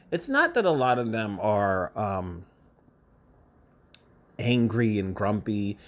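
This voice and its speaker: A man from New York State talking straight to camera in a casual monologue, emotional and halting, holding back tears and repeating his words. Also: on the high side. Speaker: vlogger.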